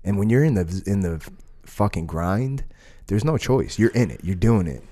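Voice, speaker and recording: Co-hosting a laid-back podcast, a man who owns a jiu-jitsu school spins meandering, animated stories. His voice is lowish and moderately paced, and he swears plenty and often starts over.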